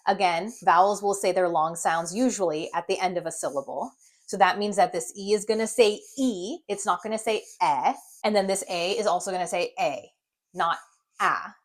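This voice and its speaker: Teacher lady explaining syllables, sounds words out real slow, mid-pitched voice. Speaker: reading teacher. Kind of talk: instructional video lesson.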